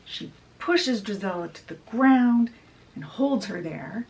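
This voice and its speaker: A woman's voice: fairly high pitch, animated, slow, a little mellow, distant mic, low-quality recording. Chatty woman summarizing a story. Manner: chatty, storytelling, with fillers like "she's like". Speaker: book vlogger. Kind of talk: casual book summary vlog.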